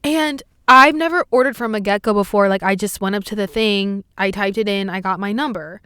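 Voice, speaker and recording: A young woman hosting a podcast, telling stories in casual chat, animated, swearing often and breaking into loud exclamations. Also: mid-range voice, brisk, clear, resonant tone, dry recording, studio quality. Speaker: podcast host.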